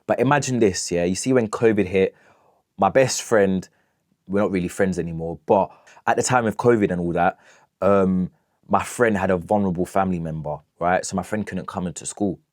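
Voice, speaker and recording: Low-voiced young man, dry mic. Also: moderate pace, a little mellow, dry recording. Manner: emphatic, keeps asking "yeah?". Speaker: vlogger. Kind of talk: storytime rant.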